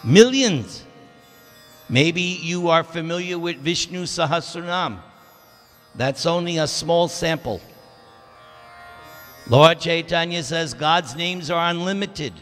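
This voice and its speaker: A man with a bright, somewhat high voice delivers a scripture class at a slow, deliberate pace. He stretches out important words for emphasis. The sound carries a long reverb from the temple hall, with faint instrumental music behind him. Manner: emphatic, drawn-out teaching delivery.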